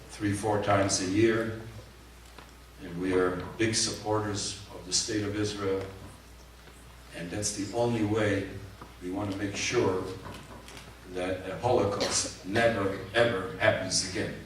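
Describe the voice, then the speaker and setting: An older man from Poland giving personal testimony to students, speaking haltingly and repeating words. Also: lowish voice. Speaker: Holocaust survivor speaker. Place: large hall at a community event. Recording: echoey hall from far off, faint noise.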